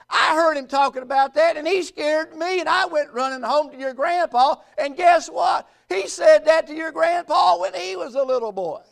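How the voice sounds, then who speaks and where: A man's voice: creaky, full character voice. Man doing a scoffing dad. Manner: dismissive, swinging from low to shouting. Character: scoffing father mocking an old preacher.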